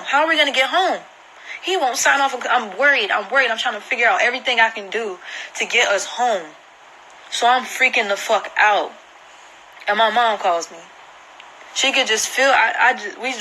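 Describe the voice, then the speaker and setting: Earnest bright-voiced woman telling her story. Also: fairly high pitch, a little hiss or hum, poor audio. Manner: earnest, repeats herself for emphasis. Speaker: vlogger. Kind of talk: emotional personal account to camera. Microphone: phone screen recording.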